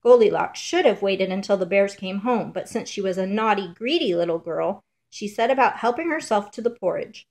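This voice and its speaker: A woman reading a children's fairy tale aloud in a measured, rhythmic storybook manner. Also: mid-range voice, expressive, creaky, darkish tone.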